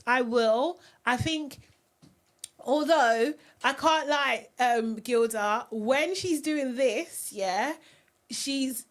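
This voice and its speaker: A young woman hosting a casual live recap, chatty and giggly, reading viewer comments aloud. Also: a little high. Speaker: live-stream host.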